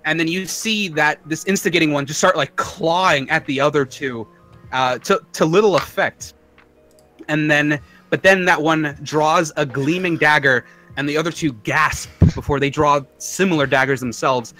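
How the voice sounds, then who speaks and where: A man's voice: fairly high pitch, normal speed, pushed and bright, soft background music, rough recording. A man narrating as game master of a tabletop game, describing scenes in a loose, descriptive way with many fillers.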